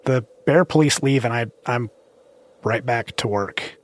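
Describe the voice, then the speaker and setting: Man telling an eerie true story. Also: mid-range voice. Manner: earnest, halting, with small restarts. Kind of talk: first-person true-story telling for a podcast. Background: music underneath.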